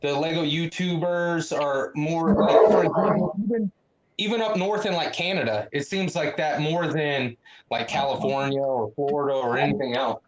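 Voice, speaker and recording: A man's voice: on the high side, moderate pace, a crowd in the background, poor audio. A man in casual livestream chat, thinking aloud in a musing, conversational way.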